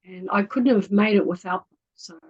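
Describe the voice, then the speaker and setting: A woman in her fifties with a New Zealand accent, talking earnestly in an interview and often trailing off quietly. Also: medium pitch, normal speed, breathy edge, muffled recording. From Netherlands, raised in New Zealand. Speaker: guest. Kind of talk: casual interview talk.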